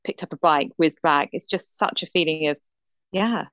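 A middle-aged woman, co-hosting a casual chat and telling stories with lively quoted voices. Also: low voice, moderate pace, dry recording, highs cut off. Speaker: podcast co-host.

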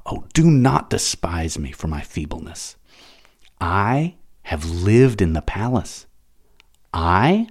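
A man's voice: sits low, breathy edge, full character voice. A man voicing a timid, devoted male slave in a storybook, earnest and pleading. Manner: pleading, earnest, at times hushed.

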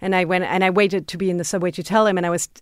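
A woman in her fifties from France with a French accent, chatting as an interview guest. She talks in a loose, chatty way, fills her speech with "you know," and laughs off dark topics. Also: on the low side, steady tone, very fast, smooth, dry recording, clean studio sound. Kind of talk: casual conversation.

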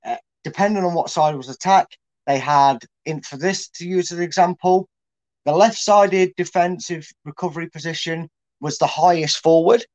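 A man's voice: on the high side, moderate pace, darkish tone, highs cut off. Chatty man explaining football tactics. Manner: chatty, lots of fillers and restarts while explaining. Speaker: co-host, tactics analyst. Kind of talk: casual football tactics breakdown.

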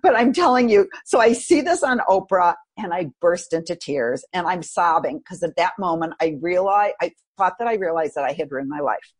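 Husky-voiced woman telling a personal story. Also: lowish voice, normal speed. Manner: animated, expressive storyteller. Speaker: podcast guest.

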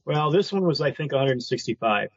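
A man talking on a live online show, rambling from one idea to the next and restarting his sentences. His voice comes through a video call, dry and dull. He has a mid-pitched voice. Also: animated, quick pace, no echo. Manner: rambling, speculative, with many restarts.

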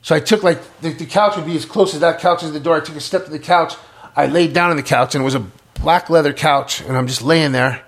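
A man's voice: fairly high pitch, quick pace. A middle-aged man telling his story in a casual interview, stumbling over repeated words and restarts. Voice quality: gravelly, husky, many repeated words and restarts.

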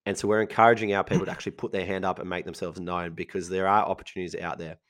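A man with a husky voice, chatting casually as a podcast co-host and laughing often. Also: low-pitched, flat delivery, very fast, fairly bright tone. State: husky voice from illness.

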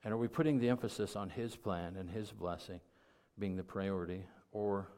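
Middle-aged male pastor, low voice, conversational sermon delivery rising to emphatic peaks. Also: moderate pace. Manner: conversational preaching that builds to loud emphatic peaks.

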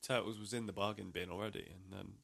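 A man's voice: low voice, steady tone, fast talker, vocal fry, fairly bright tone, slightly rough. A man co-hosting a podcast, chatting casually, rambling and unsure of his facts, with dry jokes. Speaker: podcast co-host. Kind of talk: casual comedic chat.

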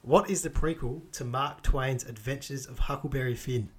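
A man's voice: mid-range voice, moderate pace, fairly bright tone. A man co-hosting a podcast, reading out quiz questions in a dry, teasing, laid-back way. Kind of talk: casual chat.

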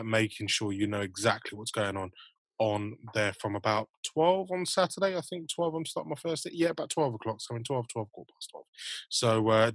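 A man's voice: fairly low pitch, fairly bright tone, no room sound. Chatty man hosting a podcast. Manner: chatty, jokey, lots of fillers. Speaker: podcast host. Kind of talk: casual chat.

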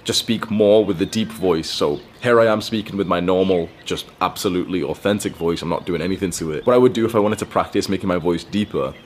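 A man's voice: deep voice, fast talker, few pauses, slight background noise. A young man hosting a podcast, giving casual advice in a blunt, profane, slangy way. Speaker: podcast host.

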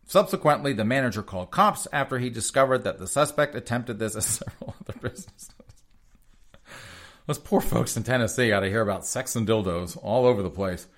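A man's voice: medium pitch, fairly quick. A man hosting a sarcastic news commentary show, rambling and chuckling as he addresses his audience as folks. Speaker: host.

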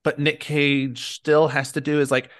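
An American man co-hosting a podcast recaps a movie in loose, rambling chat, packed with "like" and acted-out quotes. His voice is a little high, smooth and a bit bright, with a level tone and an unhurried pace.

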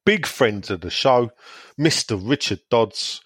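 A man's voice: mid-range voice, animated, unhurried, a bit bright, slightly rough, no room sound, studio quality. A man hosting a casual podcast, reading listener messages aloud in a jokey, irreverent way. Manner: jokey, irreverent, chuckles between lines.

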